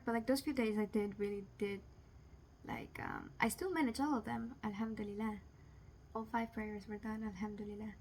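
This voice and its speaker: A woman's voice: fairly high pitch, a little hiss or hum. A young woman talking to camera in a casual, rambling confessional vlog, full of fillers and nervous laughter at serious things. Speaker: vlogger.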